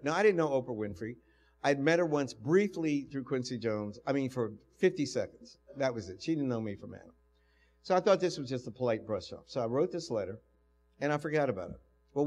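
An older man from the United States telling stories in a university lecture and acting out the voices he quotes. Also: medium pitch. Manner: storytelling, animated, acts out quoted voices. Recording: lecture hall with long reverb.

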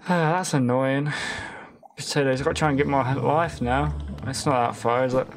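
A man commenting on his own gameplay live, excitable, swearing and laughing often, with sudden frustrated yelps. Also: medium pitch, normal speed. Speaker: streamer. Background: game music.

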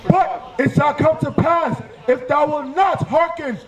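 A man reading Bible verses aloud on a city street, slow and measured. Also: extremely high pitch, a crowd in the background, rough recording. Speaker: scripture reader.

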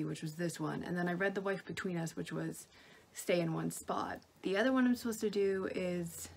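A woman's voice: fairly low pitch, slight background noise. A young woman vlogging casually about books she reads at home, chatty and self-mocking, with lots of "like". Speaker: book vlogger. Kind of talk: casual vlog chat. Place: indoors at home.

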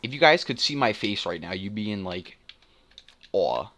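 Young male gaming host, lowish voice, mutters and curses through live play commentary. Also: sing-song, normal speed, a bit bright. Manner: muttering, swearing, self-deprecating grumbling.

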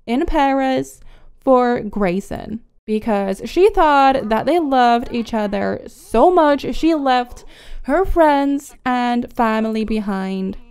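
A woman's voice: fairly high pitch, animated, slow, a little mellow, clear, resonant tone. A young woman giving chatty, dramatic gameplay commentary, often giggling. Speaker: gaming YouTuber.

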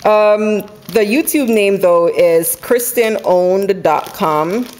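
A woman's voice: medium pitch, a little mellow, slight background noise. Chatty woman walking through a coupon haul. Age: adult with school-age kids. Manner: chatty, quick, runs numbers aloud, laughs often. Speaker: couponing vlogger. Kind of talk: casual haul video chat. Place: home, indoors.

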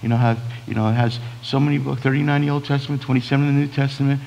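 A man's voice: mid-range voice, steady tone, rapid-fire, creaky, a little mellow, big-room sound, slight background noise, low-quality recording. A man, a pastor preaching a sermon in a conversational way, full of restarts and quoted asides. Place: church sanctuary.

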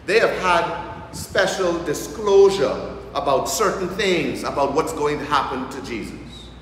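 A man's voice: a little high, expressive, unhurried, a bit bright. A male priest with a Bahamian accent preaching a sermon, joking and using local vernacular. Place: church. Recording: echoey church hall, faint noise.

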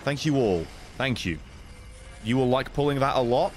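A young man streaming live gameplay, swearing constantly, thanking donors and breaking into loud shouts. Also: mid-range voice, animated, normal speed, a little hiss or hum. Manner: thanks chat donors between fights.

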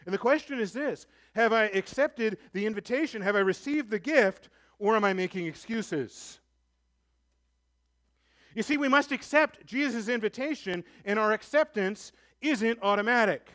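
A man preaching a sermon as pastor, earnest and pleading, building to emphatic points and then dropping low and soft. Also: lively intonation, normal speed. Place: church.

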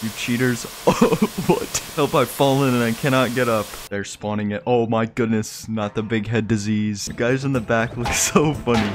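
A young man giving casual gameplay commentary, excitable and jokey, often laughing. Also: mid-range voice, normal speed, few pauses, background noise. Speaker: gaming YouTuber.

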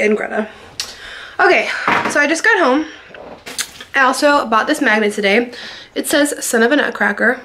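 Bubbly high-voiced young woman vlogging. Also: fairly bright tone. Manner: bubbly, gushing, quick exclamations. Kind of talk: casual chat. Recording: noisy home vlog audio.

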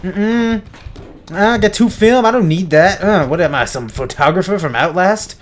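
A young man talking over a video game into a desk mic, his voice fairly high and bouncing all over the place. He rambles, mocks himself and jumps into loud, excited shouts. A faint noise hangs behind him. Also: normal speed. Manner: rambling, self-mocking, bursts into loud excited yelling. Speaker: gameplay commentator. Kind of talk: casual let's-play commentary. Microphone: desk microphone at home.

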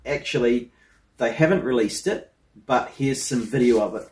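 A man's voice: medium pitch, moderate pace, darkish tone, roomy sound, a little hiss or hum. A man hosting a hobby engineering channel, talking casually and rambling with frequent ums and you-knows. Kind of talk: casual vlog commentary.

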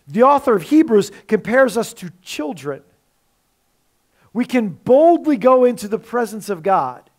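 A man's voice: high-pitched, animated, unhurried, darkish tone. A male pastor preaching a sermon in a conversational way, with rhetorical questions.

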